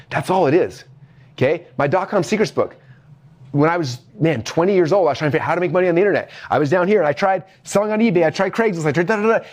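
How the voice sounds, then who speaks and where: A middle-aged man teaching as a business coach, animated, often checking in with the audience. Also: high voice. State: out of breath. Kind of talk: energetic teaching talk.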